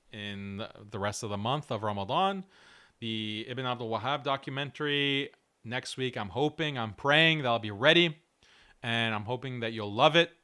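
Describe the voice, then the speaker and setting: Reading chat aloud on his livestream, a male host speaks earnestly and directly, pausing a little as he goes. His mid-range voice sounds pushed and bright, strained and cracking, though the recording is clean.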